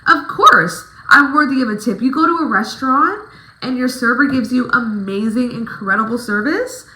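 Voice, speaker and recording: A woman with a bright, forceful, fairly high voice gives a casual advice vlog, coaching fellow dancers in an emphatic, swear-laden pep-talk style. Her voice rings around an echoey room. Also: animated, moderate pace. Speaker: stripper giving advice to other dancers.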